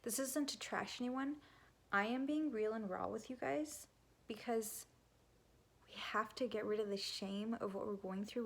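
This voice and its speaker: A woman's voice: fairly high pitch, vocal fry. A young woman talking bluntly and candidly to camera, swearing freely and sometimes dropping to a whisper. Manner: raw and blunt, swears, drops to a whisper at times. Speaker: vlogger and spiritual coach. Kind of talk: candid confessional talk to camera.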